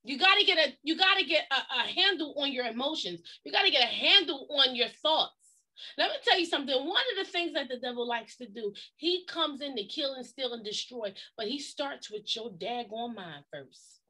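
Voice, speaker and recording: Woman co-pastor, high-pitched and bright, blunt folksy preacher. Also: expressive, moderate pace. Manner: emphatic, folksy and blunt, with repeated catchphrases. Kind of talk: preaching-style talk on a livestream.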